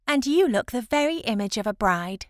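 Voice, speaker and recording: Bright girlish young lady in a storybook, chatty and fond, lilting high voice, voiced by a woman narrator. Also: expressive, normal speed, dry recording, clean studio sound, lightly acted. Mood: cheerful.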